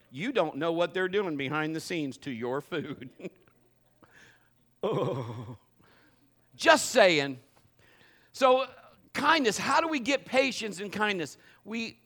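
A middle-aged man preaching a sermon, telling a funny story and acting it out in a lively way. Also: high-pitched, slow, long pauses. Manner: animated, acts out the story. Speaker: pastor.

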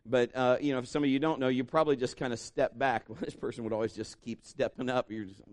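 A man preaching a sermon, telling jokes and stories and breaking into loud shouted impressions. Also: medium pitch, fast talker. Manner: animated, jokey storytelling with shouted impressions. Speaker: pastor.

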